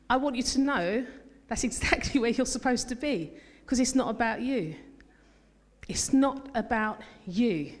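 A woman pastor delivers a sermon with an emphatic, call-and-response drive. Her voice sits fairly high, and a long reverb from the church hall trails after her words. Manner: emphatic, calls congregation to repeat phrases.

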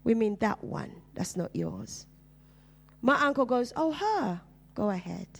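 A woman, a preacher, telling her personal testimony in conversation, earnest and dropping low and soft on painful memories. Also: very animated, a little slow, gravelly, slightly rough. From Uganda.

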